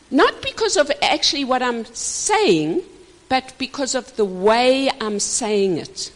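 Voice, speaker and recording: An older woman, a minister teaching couples, talking in an expressive, passionate way and laughing often. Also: sits high, unhurried. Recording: reverberant hall.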